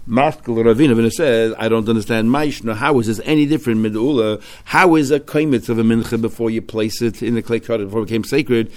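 A man's voice: medium pitch, steady tone, fast talker, hardly any pauses, a little mellow. A man teaching a religious text passage, mixing Hebrew and Aramaic study terms into English and asking himself questions before answering them. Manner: asks himself questions and answers them, rising sharply on key points. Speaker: Talmud teacher.

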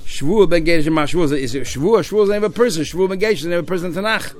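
A man's voice: high voice, rapid-fire. Man teaching a Talmud class. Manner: explains in a Yeshivish mix of Hebrew and Aramaic terms with English, with many restarts.

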